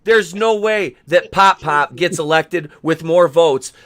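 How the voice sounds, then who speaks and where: A man with a bright, fairly high voice rants loudly on a group podcast. His talk is blunt and full of swearing, building to indignant peaks. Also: slow. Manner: ranting, profane, animated. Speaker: podcast co-host. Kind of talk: casual group chat.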